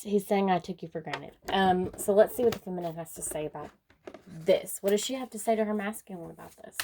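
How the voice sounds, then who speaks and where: A woman talks through a tarot spread in a slow, drawn-out way, thinking aloud as she goes. Her pitch sits at an ordinary middle height, and she often lets out soft little laughs. A faint hiss of noise runs under her voice. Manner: unhurried and musing, with frequent soft laughs. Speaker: tarot card reader. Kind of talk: casual spoken tarot reading.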